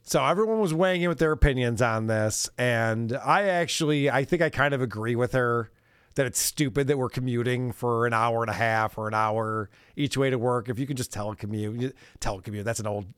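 A man's voice: mid-range voice, brisk, fairly bright tone, smooth, no room sound, studio quality. A man hosting a podcast, giving sarcastic, mocking commentary on clips and laughing often. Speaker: podcast host. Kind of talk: casual commentary on played clips.

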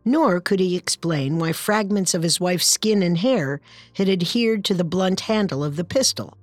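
A woman narrating a true-crime story in a measured, scripted way. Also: lowish voice, no room sound, faint music behind.

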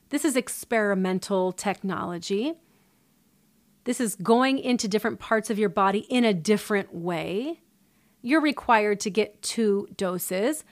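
A woman's voice: on the high side, a bit bright. A woman giving opinion commentary in a sarcastic, indignant way.

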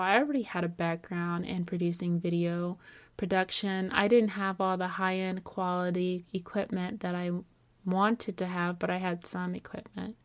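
A young woman telling a personal story to camera, animated and acting out her past reactions. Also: mid-range voice, no room sound. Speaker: video producer.

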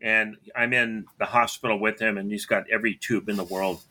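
A man telling a personal story about his father in an earnest way, often clearing his throat and acting out both sides of their talks. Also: fairly low pitch, steady tone, fairly quick, bright, forceful tone.

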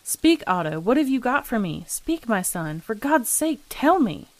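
A gruff, desperate old father in a spoken ghost story, his lines pitched up and pushed loud with ill-suppressed passion, put on by a woman narrator. He moves from demanding to begging and back to threats. The sound is dry and close. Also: moderate pace, dry recording, lightly acted. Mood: menacing pleading. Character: desperate, menacing older father, gruff man.

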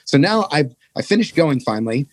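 A man on a podcast telling a tour story, animated and profane, jumping into higher voices for quotes. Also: a little fast, no room sound. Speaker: podcast guest, touring musician. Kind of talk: casual storytelling.

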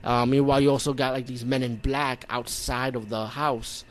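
A man's voice: medium pitch, moderate pace. A man with a New York accent, from the Bronx, casually recapping a horror movie in a rambling, profane way, acting out his own reactions. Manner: rambling, profane, animated retelling with acted-out reactions. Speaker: movie reviewer.

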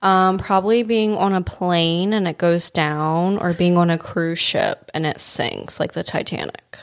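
A woman's voice: on the low side, fairly even intonation, unhurried, clear, resonant tone. A woman on a podcast chatting casually, blunt and matter-of-fact.

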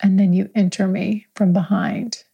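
Young woman, warm tone, improvised second-person intimate narration, soft and close. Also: medium pitch, little pitch movement, normal speed, creaky, breathy edge.

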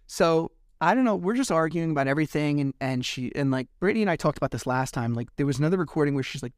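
A podcast host retelling events in a casual, animated, sarcastic way, swearing freely. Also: male voice, on the high side, very fast, few pauses, no echo, clean studio sound. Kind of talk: casual storytelling recap.

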